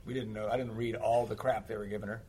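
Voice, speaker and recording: A man's voice: fairly low pitch, level tone, fast, warm tone, slightly rough. A middle-aged man in recovery telling a personal anecdote in a wry, casual way, laughing often. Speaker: guest in recovery. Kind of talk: casual chat, storytelling.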